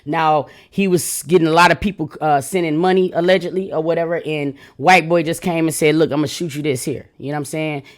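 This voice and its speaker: A woman's voice: deep voice, steady tone, fairly quick, few pauses. A woman hosting a reaction channel, talking straight to her viewers in a hyped, slangy, casual way.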